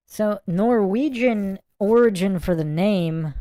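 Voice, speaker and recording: A man's voice: high-pitched, a little slow, darkish tone, no echo. A man hosting a casual livestream, reading viewer chat aloud and musing over it. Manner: chatty, muses aloud, reads comments and look-ups aloud.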